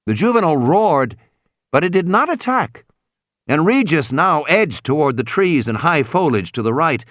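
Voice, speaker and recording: A man reading a novel aloud as an audiobook narrator, dramatic and expressive. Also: a little high, moderate pace, dry recording, clean studio sound. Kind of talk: scripted narration.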